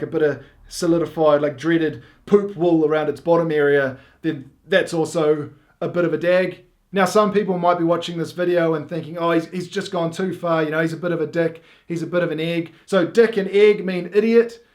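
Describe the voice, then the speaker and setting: A middle-aged man with a New Zealand accent, rambling and deadpan as he explains slang, full of fillers and self-interruptions. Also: fairly high pitch. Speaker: comedy video host.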